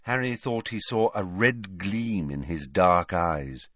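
A man reading a story aloud as narrator, clear and unhurried. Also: sits low, a bit bright, no room sound, clean studio sound. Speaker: audiobook narrator. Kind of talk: scripted narration.

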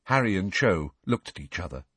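A man narrating a children's story in an expressive, scripted reading. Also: low voice, fairly quick, slightly rough, no room sound. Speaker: audiobook narrator.

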